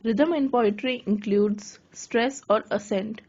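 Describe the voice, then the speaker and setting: A woman giving a lesson on writing poetry, reading her notes aloud haltingly and correcting herself as she goes. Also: on the high side, a little mellow. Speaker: lecturer. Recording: dull lo-fi recording.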